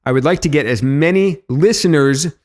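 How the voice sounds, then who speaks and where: A man hosting a podcast, delivering a mock-sincere comedic intro in a deadpan way. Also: fairly high pitch, normal speed. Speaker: podcast host.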